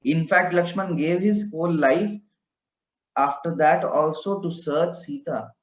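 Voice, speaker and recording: A man retells a scripture story as a morning talk, slipping into the voices of its characters. His voice sits a little high. The sound is echoey and dull, like a lo-fi room recording. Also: a little slow. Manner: narrating, acts out dialogue. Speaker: preacher.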